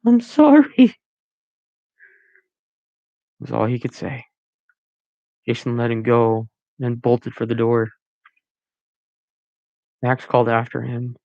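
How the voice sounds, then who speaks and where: A man reading his own story aloud, halting now and then with restarts and corrections. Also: medium pitch, completely flat delivery, gravelly, a little mellow, no echo, muffled recording. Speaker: amateur story reader.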